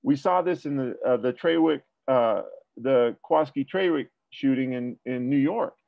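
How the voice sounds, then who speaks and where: A man's voice: mid-range voice, measured pace, gravelly, no room sound, highs cut off. A man working as a police tactics trainer, talking through a debrief and asking rhetorical questions. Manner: explanatory, asks rhetorical questions.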